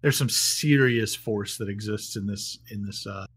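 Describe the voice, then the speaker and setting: A man's voice: lowish voice, unhurried, fairly bright tone, a little hiss or hum. A man narrating casually as game master, rambling with lots of fillers and restarts.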